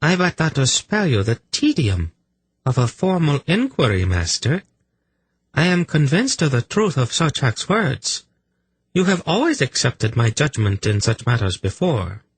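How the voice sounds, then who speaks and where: A man's voice: medium pitch, sing-song, a little slow, slightly rough, no echo, voice pushed up. A man voicing a cruel, scheming priestess with a throaty, purring voice and a smug, haughty manner.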